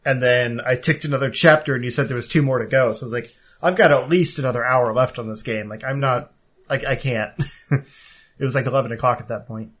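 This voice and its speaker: A man's voice: medium pitch, brisk, slightly rough. A man in casual podcast chat about video games, rambling with many fillers. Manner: rambling, filler-heavy, relaxed. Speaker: podcast co-host.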